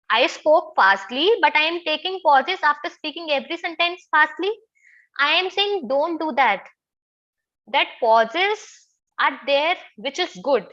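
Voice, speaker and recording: Teaching public speaking online, a woman with an Indian English accent often quizzes her students and repeats herself. Her voice sits high, bright and forceful, though the video call audio is dull.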